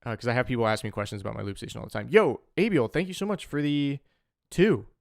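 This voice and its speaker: A man's voice: mid-range voice, fast, creaky, no echo, clean studio sound. A young man chatting casually with viewers on a music livestream. He greets people by name and rambles loosely between topics. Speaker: streamer and musician.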